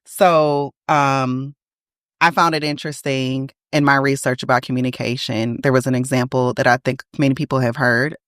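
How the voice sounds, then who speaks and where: A woman co-hosting a podcast in casual chat, emphatic and quick to laugh. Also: rumbling low, steady tone, a bit bright, no room sound, studio quality. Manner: chatty, laughs often, emphatic. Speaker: podcast co-host.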